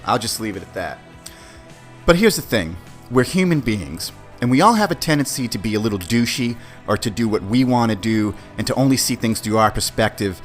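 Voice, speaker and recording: A man hosting his own podcast, telling a story in a casual, profane way. He talks straight to his listeners and swings from loud disbelief to low mutters. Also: a little fast, soft background music. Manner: animated, profane, addresses listeners as guys. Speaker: podcast host.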